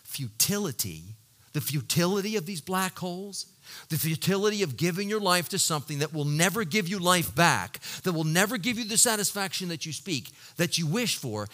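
An expressive middle-aged pastor preaches, his delivery ranging from emphatic, loud climaxes to low, quiet storytelling. He stumbles into false starts as he gropes for words.

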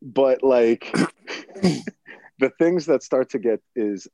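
A man's voice: medium pitch, expressive, extremely slow, dark tone, dry recording. A man in a casual podcast chat, animatedly retelling a movie, acting out quotes and laughing often.

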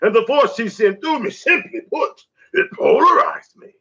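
A man's voice: extremely high pitch, very animated, normal speed, sharp tone, husky. A man performing spoken word poetry in a rhythmic, dramatic recitation. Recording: dull lo-fi audio.

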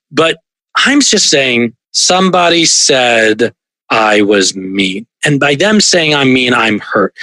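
A man with a lively, swooping delivery and a slightly husky, bright tone talks as a coaching guest. He is emphatic and conversational, pressing each point home. The sound is close and dry. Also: mid-range voice, no echo. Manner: emphatic, restates points with "right?". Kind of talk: animated conversational storytelling.

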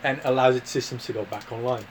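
A man voicing a brash, loudmouthed Australian bloke who ends every sentence with "mate". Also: medium pitch, steady tone, fast talker, a little hiss or hum, close to an everyday voice. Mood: explaining. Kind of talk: mock-accent bit in casual chat.

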